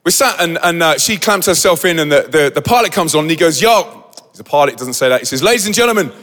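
A man telling a dramatic story to a live audience, animated and acting out the scene with quoted voices. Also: on the high side, quick pace, long reverb tail.

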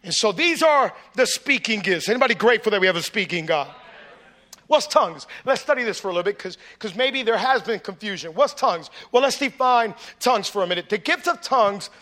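A man delivers a sermon in a notably high, bright voice. He talks to the congregation in a conversational, storytelling way, then builds to loud, emphatic preaching. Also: expressive, fast talker. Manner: conversational storytelling with audience asides. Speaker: pastor.

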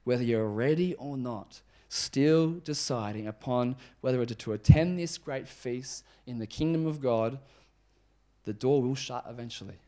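Here a man preaches with emphasis yet keeps it conversational, and when the message turns serious his voice drops low and soft.

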